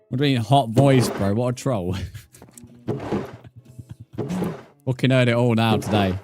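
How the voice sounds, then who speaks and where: A man's voice: medium pitch, slow, pauses often, a little mellow, soft background music. A young man streaming a game live, bantering with his chat, swearing and laughing often. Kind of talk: casual live-stream chat while gaming.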